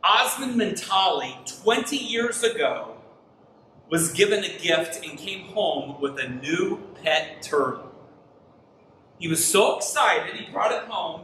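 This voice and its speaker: A man in his thirties delivers a sermon with lively, animated storytelling, his high voice bright and ringing. He sounds worn out from lack of sleep. The mic sits back from him in an echoey church room with a faint hum of ambience. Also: far from the mic. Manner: animated storytelling, rising to near-shouts in frustration. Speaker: pastor. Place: church sanctuary.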